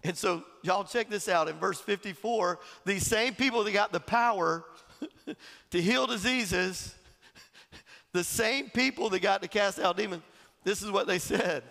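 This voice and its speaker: A man preaches in a high, gravelly voice and tells his stories with lively, chuckling energy. His words ring with the long reverb of a large hall, as in a church sanctuary. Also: measured pace. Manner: animated storytelling, chuckling, acting out quotes. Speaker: pastor. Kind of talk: sermon.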